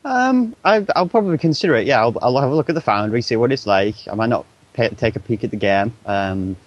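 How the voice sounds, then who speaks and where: A man co-hosting a podcast, answering casually in a hesitant, low-key way. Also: animated, brisk, dry recording, dull audio. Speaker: podcast co-host.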